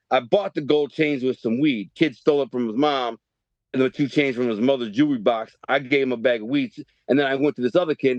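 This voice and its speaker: A middle-aged man, from Detroit, telling his life story as a podcast guest in a streetwise, animated way and acting out the voices in his quotes. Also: mid-range voice, dry recording. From Detroit, USA. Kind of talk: casual storytelling. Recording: dry, dull podcast audio.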